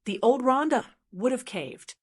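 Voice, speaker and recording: Older female narrator, steady and measured, fairly high voice, first-person audiobook read. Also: breathy edge.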